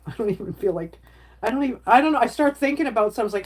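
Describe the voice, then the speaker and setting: A woman's voice: fairly high pitch, lively intonation, racing, slightly rough. A middle-aged woman talking casually to her livestream viewers. She rambles from one thing to the next in a chatty, everyday way and stops now and then to answer comments, heard through a phone or webcam mic.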